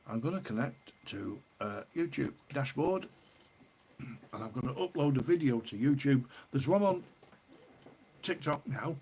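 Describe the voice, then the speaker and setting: A man's voice: medium pitch, lively intonation, a little slow, long pauses, darkish tone, breathy edge. A man with a northern English accent hosting a casual livestream, chatting with viewers, reading their comments aloud and laughing often. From northern England. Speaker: livestream host.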